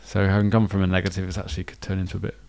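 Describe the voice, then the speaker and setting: A man with a very low voice talks quickly in a relaxed podcast chat. He rambles a little, restarts sentences and corrects himself on the fly, keeping a casual, chatty flow. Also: gravelly. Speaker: podcast co-host.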